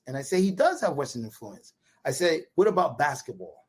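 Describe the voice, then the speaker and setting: A man from Brooklyn with a New York accent, a podcast guest telling a story in an animated, casual way and often tagging his sentences with "right?". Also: on the high side, normal speed, husky. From Brooklyn, USA. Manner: animated, repetitive restarts, quotes dialogue with "right?" tags.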